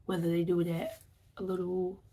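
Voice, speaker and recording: A woman's voice: on the low side, completely flat delivery, normal speed, mellow. A woman wellness vlogger giving a chatty, rambling recap, acting out her reactions as she talks. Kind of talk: casual vlog recap.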